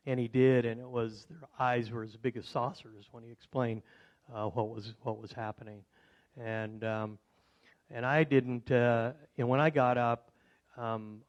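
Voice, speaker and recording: A middle-aged man recounts a personal story to a club audience. His voice sits at an ordinary middle pitch. He rambles through fillers and restarts, and gets louder and more excited at the surprising moments. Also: lo-fi sound. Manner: grows loud and excited when recounting surprises. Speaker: speaker at a club meeting.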